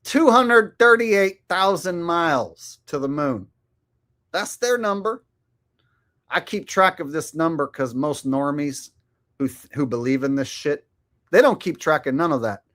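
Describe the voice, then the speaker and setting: A channel host gives profane, sarcastic commentary in a mocking, crude manner, laughing often. He speaks a little slowly in an animated, fairly bright voice on the high side.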